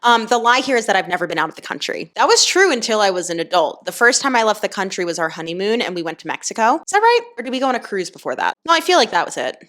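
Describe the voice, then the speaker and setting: A woman's voice: mid-range voice, very animated, quick pace, few pauses, a bit bright. Chatty young woman, fitness trainer. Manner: chatty, explaining, many "like" fillers. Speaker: personal trainer. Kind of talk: casual chat to camera.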